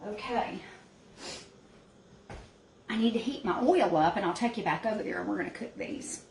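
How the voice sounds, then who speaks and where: A woman speaking at normal speed in a mid-range, slightly mellow voice leads a casual cooking show from her little cabin kitchen. Homey and talkative, she calls viewers "y'all." The room echoes, and background noise comes through plainly.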